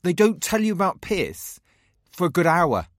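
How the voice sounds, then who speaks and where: A man, a podcast co-host telling animated anecdotes, acting out quotes and swearing. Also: high-pitched, moderate pace, no room sound, clean studio sound. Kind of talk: casual chat.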